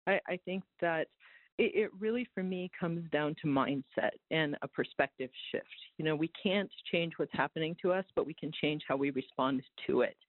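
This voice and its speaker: A man's voice: on the high side, moderate pace, dry recording. A man on a webinar panel, sharing advice in a reflective way. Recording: tinny phone-like line.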